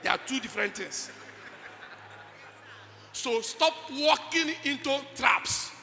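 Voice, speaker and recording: A Nigerian pastor preaching a sermon at a conference, calling out to the congregation for responses and breaking into shouts. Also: male voice, very high-pitched, expressive, takes it slowly, vocal fry. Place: large church conference hall. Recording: reverberant hall with music underneath.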